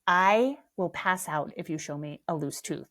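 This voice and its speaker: Animated, self-mocking middle-aged woman. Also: on the low side, unhurried. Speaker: podcast host. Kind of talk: casual comic storytelling.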